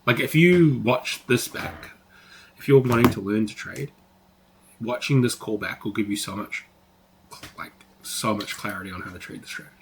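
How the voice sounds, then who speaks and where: A man's voice: fairly low pitch, moderate pace, background noise. A man teaching trading on a live stream, talking casually, swearing freely and saying "like" a lot. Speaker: trading educator.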